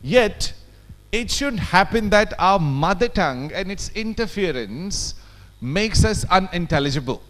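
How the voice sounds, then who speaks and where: In a conference hall, a workshop trainer with an Indian English accent leads a lecture workshop. His voice sits high and sounds expressive, unhurried, and a bit bright as he speaks emphatically and keeps checking in with his audience.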